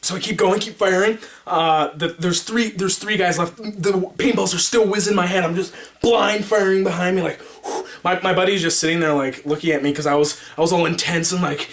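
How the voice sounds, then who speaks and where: A man vlogging, telling a story casually to the camera, rambling and animated, making his own sound effects. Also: high voice, a little fast, hardly any pauses.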